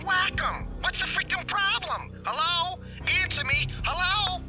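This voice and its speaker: A whiny gangster boss yells down the line in a piercing, very high and very bright voice. He sounds nasal and impatient, and the recording is dry and close, with faint game music behind. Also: measured pace, dry recording, heavily acted. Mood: exasperated. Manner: shrill, impatient yelling. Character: whiny, frantic male mob boss on a phone.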